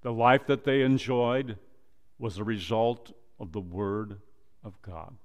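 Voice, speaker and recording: Slow-preaching pastor, man. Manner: preaches slowly, rises loud then drops to a low hush; quotes scripture and acts out dialogue. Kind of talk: sermon.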